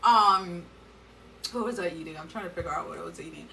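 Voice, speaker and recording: A woman's voice: on the low side, a little fast, vocal fry, pushed and bright, distant mic, a little hiss or hum, poor audio. A woman giving an earnest tarot card reading and talking straight to her viewers with advice. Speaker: tarot reader.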